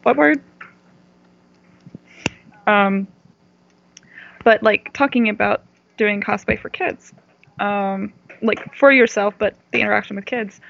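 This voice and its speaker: A woman guest on a podcast, chatting candidly and telling stories, sometimes pausing to search for words. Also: medium pitch, steady tone, vocal fry, fairly bright tone. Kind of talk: casual interview chat. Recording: dull dry podcast audio.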